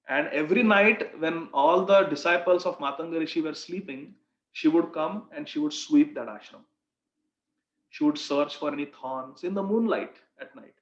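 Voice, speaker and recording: A man teaching a class, retelling a devotional story earnestly, with explanations for his listeners. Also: on the high side. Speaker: spiritual teacher. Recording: echoey, dull lo-fi room recording.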